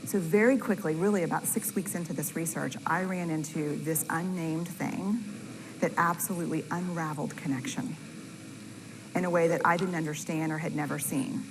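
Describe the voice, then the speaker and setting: A woman's voice: sits low, fairly even intonation, normal speed, long reverb tail, background noise. A woman researcher giving a talk to an audience, telling candid, self-deprecating stories.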